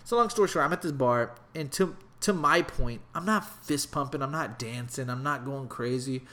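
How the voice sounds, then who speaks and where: A young adult man telling a comedic travel story in a casual, animated, profane and rambling way. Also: mid-range voice, normal speed.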